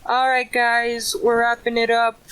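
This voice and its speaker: Young woman on a friends' podcast call, higher voice, kinda fed up, trails off quietly. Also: completely flat delivery, a little slow, soft background music, rough recording. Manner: protesting, exasperated, often trails off softly. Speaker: podcast co-host. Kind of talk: casual chat with friends on a call.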